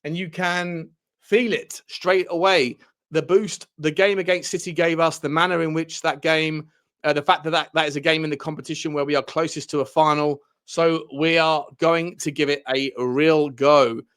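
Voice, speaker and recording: A man putting on a mock Spanish accent to read a football manager's press-conference quotes, in a halting way with restarts. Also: fairly high pitch, steady tone, a bit bright, natural voice. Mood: quoting.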